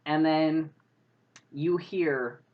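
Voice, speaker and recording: Woman game master, low-pitched, easygoing narration, muffled lo-fi audio. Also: steady tone, extremely slow. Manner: loose, casual narration with many fillers.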